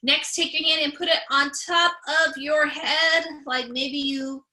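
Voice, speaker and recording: A woman's voice: high voice, fairly even intonation, a little slow, bright, forceful tone. A young adult woman giving a recorded classroom lecture, speaking with a stutter and repeating the starts of words. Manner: stutters with part-word repetitions.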